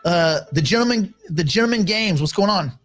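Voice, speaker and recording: A man's voice: high voice, animated, fairly quick, a bit bright. A man hosting a casual livestream, giving blunt, opinionated commentary and greeting viewers by name as they join. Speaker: livestream host reading chat.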